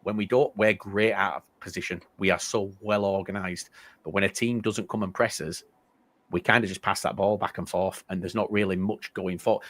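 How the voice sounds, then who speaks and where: Male podcast co-host, casual rambling football chat, lowish voice, dry close recording. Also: moderate pace, no room sound. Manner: rambling, restarts often, animated storytelling.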